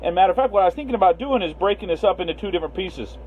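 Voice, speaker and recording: A man's voice: high-pitched, expressive, racing. A man hosting a casual livestream, rambling with many fillers and greeting viewers by name. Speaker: livestream host. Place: Las Vegas. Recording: tinny phone-line sound, faint hiss.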